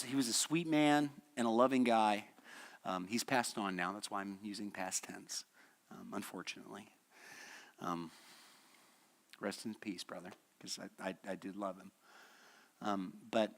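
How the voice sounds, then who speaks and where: A man's voice: on the low side, normal speed, pauses often, fairly bright tone. A man teaching a midweek church lesson in a conversational, storytelling way, asking the class questions and chuckling often. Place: church hall.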